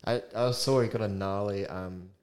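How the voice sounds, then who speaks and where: A man's voice: lowish voice, steady tone, normal speed, darkish tone. A young man hosting a casual podcast chat, reading out score predictions and laughing often. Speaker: podcast host.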